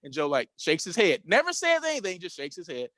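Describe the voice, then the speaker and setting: A man in his fifties hosting a show, telling a personal anecdote in a casual, animated way with frequent tag questions. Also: high voice, a little fast, dry recording. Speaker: host.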